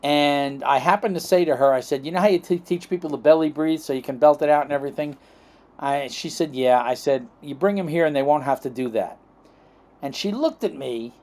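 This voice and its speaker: This chiropractic podcast guest is a middle-aged man from the United States whose voice sits a little high with a darkish tone. His storytelling rambles on at length, full of acted-out dialogue and frequent "okay?" and "right?" check-ins.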